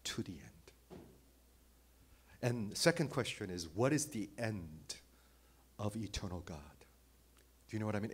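A man delivers a sermon as pastor in a mid-range voice. He swings between forceful, raised emphasis and quiet, almost whispered lines. His phrasing carries small grammatical slips. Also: mid-range voice, breathy edge. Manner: dynamic, swings between loud emphasis and hushed near-whisper.

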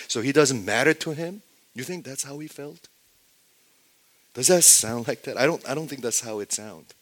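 Preacher swinging between booming and whispered. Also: male voice. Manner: swings from loud emphatic statements to hushed whispers, repeats phrases. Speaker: pastor. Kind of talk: sermon.

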